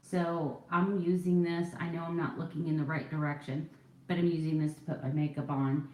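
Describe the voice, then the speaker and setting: This get-ready-with-me clip features a vlogger in her forties who talks casually through her makeup routine, wandering off topic and joking at her own expense. She has a deep, warm voice with a level tone and a moderate pace; the recording is rough and reverberant.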